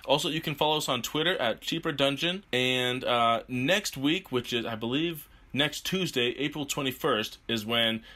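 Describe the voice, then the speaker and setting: A young man hosting a tabletop podcast and playing a character, in a relaxed, chatty manner. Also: medium pitch, normal speed, few pauses. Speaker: podcast host and player. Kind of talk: casual podcast talk.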